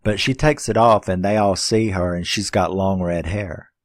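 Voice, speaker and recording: A man's voice: low voice, steady tone, moderate pace, no room sound. A man casually reviewing a horror film, rambling and swearing as he retells the plot with laughs. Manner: rambling, profane, laughing storytelling.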